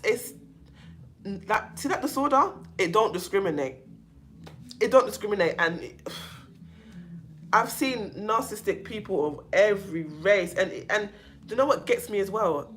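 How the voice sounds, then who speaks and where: A woman with a London accent hosting a casual livestream, chatting to viewers and reading their comments, outspoken and animated with frequent laughter and slang. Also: a little high, moderate pace. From England. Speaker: YouTube livestream host.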